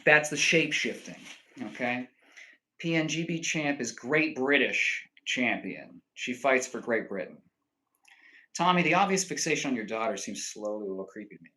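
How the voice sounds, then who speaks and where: A young man chatting casually with his stream viewers and rambling through animated stories full of fillers. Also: medium pitch, normal speed, low-quality recording. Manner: rambling, animated storytelling full of "like" and "you know".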